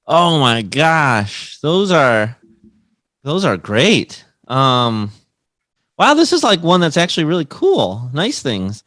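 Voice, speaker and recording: A man's voice: mid-range voice, big pitch swings, slow pace, fairly bright tone, no echo. A man co-hosting a comedy podcast, chatting casually and reasoning his answers out at length. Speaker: podcast co-host. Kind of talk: casual banter.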